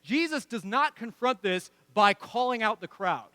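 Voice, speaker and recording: Guy preaching in church, bright forceful tone, keeps asking the crowd questions. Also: high voice, lively intonation, unhurried, dry recording. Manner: conversational and emphatic, rhetorical questions. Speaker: pastor. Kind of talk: sermon.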